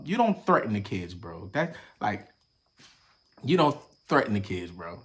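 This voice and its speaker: Young male podcast host, reaction commentary, very lively pitch, profane and animated. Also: a little slow, pauses often. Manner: animated, profane, switches between loud acted-out bits and low mutters.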